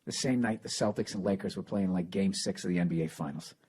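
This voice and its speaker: A man in his forties hosting a podcast, telling profane, animated stories in casual chat. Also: low-pitched, quick pace, slightly rough. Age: 40s. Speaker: podcast host.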